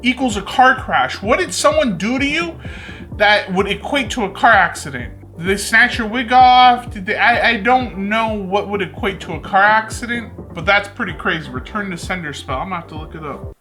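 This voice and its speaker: A woman's voice: medium pitch, moderate pace, fairly bright tone, soft background music. A woman hosting a reaction video, giving casual, jokey commentary full of sarcastic asides.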